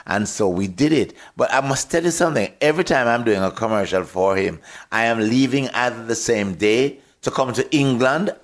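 An older man with a Jamaican accent and a fairly low voice tells stories as a radio guest. His talk is lively and full of laughter, and he repeats words as he goes. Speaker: interview guest, actor. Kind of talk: storytelling in a radio interview.

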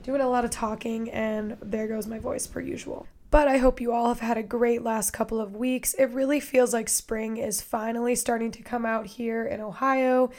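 A woman with a hoarse, raspy voice introduces her podcast episode in a casual, chatty way. Her pitch sits fairly high despite the rasp, and she speaks with an upbeat, gushing warmth about the guests to come. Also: steady tone, normal speed, hardly any pauses. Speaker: podcast host.

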